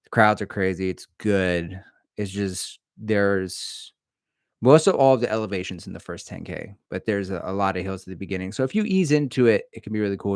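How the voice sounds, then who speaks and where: A man's voice: low voice, a little mellow, no room sound, clean studio sound. A middle-aged man hosting a casual livestream, rambling and joking as he reads viewer comments aloud. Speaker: livestream host answering chat. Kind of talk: casual live-stream chat.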